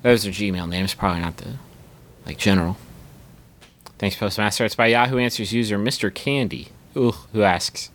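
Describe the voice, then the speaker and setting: A man's voice: lowish voice, normal speed, fairly bright tone. A man co-hosting a comedy podcast, reading out a listener's question with wry asides and mock outrage. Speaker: podcast co-host. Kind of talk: comedic casual chat.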